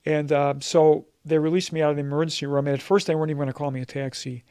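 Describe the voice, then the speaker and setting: A man in his fifties sharing a personal testimony in conversation, speaking in a halting, earnest way with many fillers and restarts. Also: on the high side, level tone, mellow, clean tone, no echo, studio quality. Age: 50s.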